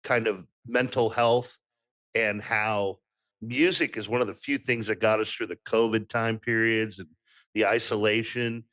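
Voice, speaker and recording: A man's voice: fairly low pitch, steady tone, unhurried, fairly bright tone, dry recording, clean studio sound. A man co-hosting a podcast, asking encouraging questions in a casual interview chat. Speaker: podcast co-host.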